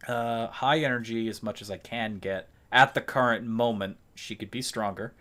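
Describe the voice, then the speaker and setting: A man's voice: mid-range voice, fairly even intonation, normal speed, fairly bright tone. Brief: a chatty male streamer walking viewers through his build, casual and explanatory. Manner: chatty, explains game builds while playing. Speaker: game streamer. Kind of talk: casual live-stream commentary.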